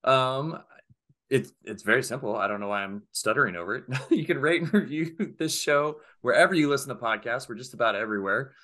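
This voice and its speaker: A man hosting a casual podcast, upbeat and quick to laugh as he wraps up the show. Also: medium pitch, animated, bright, forceful tone. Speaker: podcast host.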